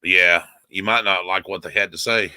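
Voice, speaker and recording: A man co-hosting a casual livestream chat, easygoing and drawling, cooing softly to his dog now and then. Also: sits low, fairly even intonation, moderate pace, no room sound. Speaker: livestream co-host.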